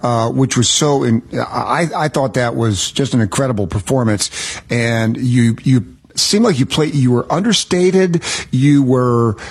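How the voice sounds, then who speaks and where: A man hosting a radio interview, eager and quick to react. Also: medium pitch, slightly rough. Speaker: radio host.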